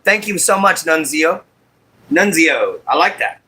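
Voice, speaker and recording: A man with a drawl hosts a relaxed livestream and greets his viewers one by one by name. His voice sits a little high and rings bright and forward. He talks easily and apologizes often when his audio cuts out. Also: a little slow, breathy edge. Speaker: livestream host. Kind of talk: casual livestream chat while crafting.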